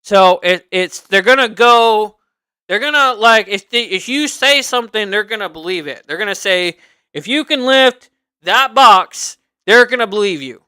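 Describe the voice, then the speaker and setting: Casual streamer, a man with a high, sharp voice, rambling, earnest, dry close sound. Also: animated, moderate pace, clean tone, no echo. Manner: rambling, circles back and repeats points. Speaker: livestream host. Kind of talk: casual unscripted chat.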